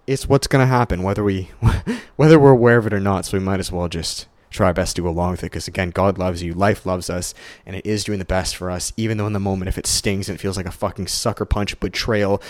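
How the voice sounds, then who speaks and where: A young man giving a casual, swearing, motivational solo podcast monologue, stumbling and restarting and swinging his pitch up high when excited. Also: fairly quick, dry recording. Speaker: podcast host.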